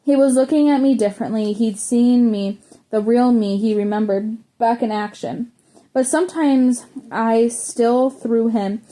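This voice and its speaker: A woman's voice: a little high, unhurried, warm tone. A woman reading a memoir aloud, now and then tripping over words and starting them again. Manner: stumbles and restarts words while reading. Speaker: audiobook reader.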